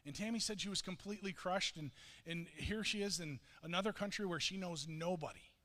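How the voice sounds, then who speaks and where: A man's voice: sits high, fairly quick, bright, forceful tone. A man preaching a sermon, telling a story earnestly with frequent restarts. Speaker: pastor. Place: church sanctuary. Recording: long reverb of a church hall.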